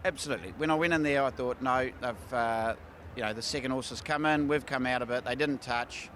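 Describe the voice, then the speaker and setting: A man's voice: mid-range voice, fairly quick, fairly bright tone, a little hiss or hum. A man, a racehorse trainer talking candidly after a big win, with lots of fillers and restarts. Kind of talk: casual post-race interview. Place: outdoors at a racecourse.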